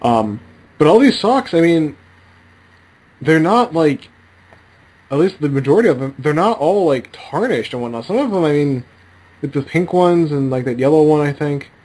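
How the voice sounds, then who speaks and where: A man co-hosting a podcast, asking questions in a halting way with many fillers. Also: fairly high pitch, lively intonation, darkish tone, poor audio. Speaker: podcast co-host. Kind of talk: casual chat.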